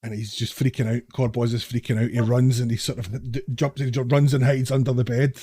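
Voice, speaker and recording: A man's voice: medium pitch, flat delivery, a little fast, dark tone, breathy edge. A man running a tabletop game as dungeon master, narrating with frequent restarts and repeated words.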